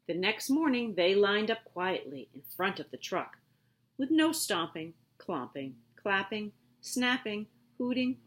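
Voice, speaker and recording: A female teacher reads a picture book aloud to her class, her voice medium in pitch. She tells the story expressively, stretching out her words.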